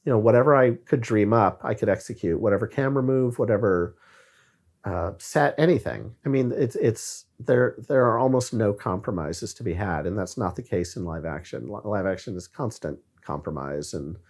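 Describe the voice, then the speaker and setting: A filmmaker talking on a podcast in a reflective way, often stopping to search for words. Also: male voice, lowish voice, normal speed, a little mellow. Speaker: guest filmmaker. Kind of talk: podcast conversation.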